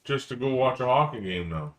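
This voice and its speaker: A man's voice: mid-range voice, expressive, fairly quick. A man from Canada in casual chat, laid-back and agreeable, swearing freely.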